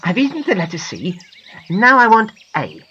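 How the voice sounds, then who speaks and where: A woman's voice: mid-range voice, big pitch swings, normal speed, sharp tone, breathy edge, highs cut off, voice pushed up, full character voice. A woman voicing a stubborn, greedy little girl in a storybook reading, pleading and wilful.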